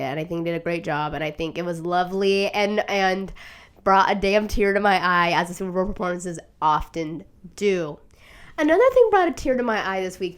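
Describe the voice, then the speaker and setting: Young woman, slightly high voice, casual solo podcast, swearing, emotional, laughing close to tears. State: sick, tearful. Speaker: podcast host. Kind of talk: casual monologue.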